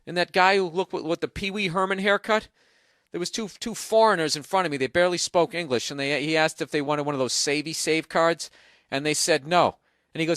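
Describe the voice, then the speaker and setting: A man's voice: a little high, brisk, fairly bright tone, no echo, studio quality. A man hosting a podcast, ranting with profanity and sarcasm in a casual comedic monologue, recorded on a single microphone in a hotel room. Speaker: podcast host. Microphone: single microphone, no headphones.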